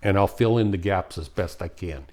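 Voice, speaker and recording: A man giving an earnest spiritual talk, slow and heartfelt, acting out quoted voices along the way. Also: deep voice, darkish tone. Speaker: spiritual teacher.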